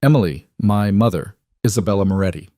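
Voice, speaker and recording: A composed young mafia boss, voiced by a male narrator, speaking in low, even, controlled tones. His voice sits on the low side and is recorded close and dry. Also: a little fast, no room sound, close to an everyday voice. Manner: calm, controlled, low murmur.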